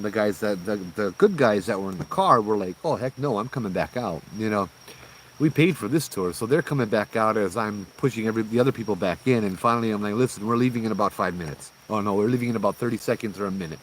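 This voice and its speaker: A man telling a ghost-tour story outdoors on a trail at night, casual and animated, calling people bro and laughing as he goes. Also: mid-range voice, slight background noise, poor audio.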